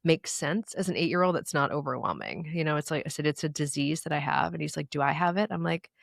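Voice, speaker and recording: A woman's voice: low-pitched, animated, fast talker, vocal fry, dry recording, studio quality. A woman in her thirties, a guest in an interview, telling personal stories in an earnest, reflective way. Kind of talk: candid interview conversation.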